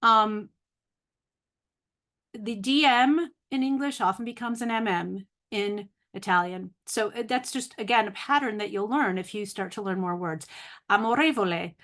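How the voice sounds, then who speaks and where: A woman's voice: medium pitch, unhurried, a bit bright. A woman giving a casual video lesson on vocabulary, sounding out long words carefully and correcting herself as she goes. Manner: thinking aloud, self-correcting, laughs at own slips. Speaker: language teacher.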